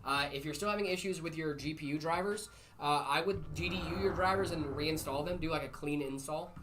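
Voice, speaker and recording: A man's voice: on the high side, a little fast, noisy background. A man hosting a casual livestream, reading out viewer questions in a loose, chatty way. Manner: loose and chatty, says dude a lot. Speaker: livestream host.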